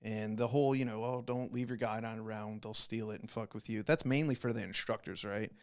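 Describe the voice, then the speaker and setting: A young man, a Navy corpsman and podcast guest, telling a story in a casual, animated way, full of swearing and acted-out quotes. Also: on the low side, a little fast, clean tone. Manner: profane, animated, acts out quoted voices.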